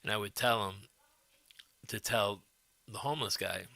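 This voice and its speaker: A middle-aged man chatting loosely with his livestream viewers from home, his low voice gravelly and edged with a sharp, forceful bite. He drifts from story to story and stops to answer the chat. The sound is close and dry. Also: moderate pace, dry recording. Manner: rambling, answers chat comments as he goes. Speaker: livestream host.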